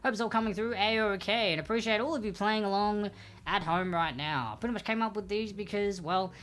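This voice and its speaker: A woman's voice: medium pitch, a bit bright. A young Australian woman hosting a livestreamed trivia game from home on a desk microphone, chatty and upbeat, drawing out the names in each question. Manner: chatty, upbeat, reads questions slowly and with emphasis. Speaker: trivia host. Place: home room with a backdrop. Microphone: desk microphone without headphones.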